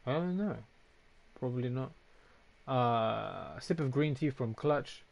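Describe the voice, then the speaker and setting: A man's voice: mid-range voice, expressive, measured pace, gravelly. A man streaming a game, chatting casually with his viewers, reading out and answering comments, with frequent swearing. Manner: casual, swears often, reacts to chat.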